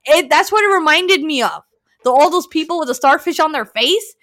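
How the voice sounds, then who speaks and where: A woman co-hosting a casual chat, animated, teasing her co-host and ranting with emphasis. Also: high voice, brisk.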